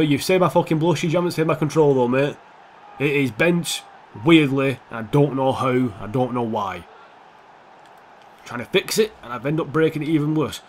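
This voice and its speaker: A young man giving casual, foul-mouthed commentary over his own football video game, switching between calm play-by-play and heated rants. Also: mid-range voice, moderate pace, a little hiss or hum. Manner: swears a lot, swings from calm play-by-play to heated outbursts. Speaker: gaming YouTuber.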